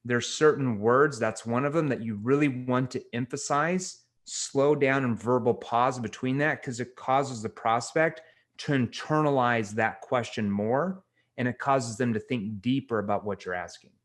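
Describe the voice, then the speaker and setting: A middle-aged man coaching sales calls, giving direct feedback and slowing down to stress key words. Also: mid-range voice. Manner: direct, instructive, slows down for emphasis. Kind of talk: coaching role-play feedback.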